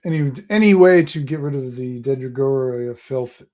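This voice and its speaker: A man voicing a formal, guarded noble lord who speaks courteously and deliberately, in a tabletop game. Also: mid-range voice, a little mellow, close to an everyday voice.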